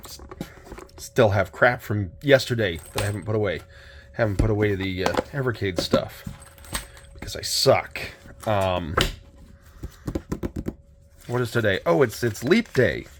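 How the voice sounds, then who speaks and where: A middle-aged man hosting a casual unboxing chat, his voice a little hoarse, talking in a rambling, hesitant way with many restarts. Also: lowish voice, background noise. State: slightly hoarse. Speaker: channel host.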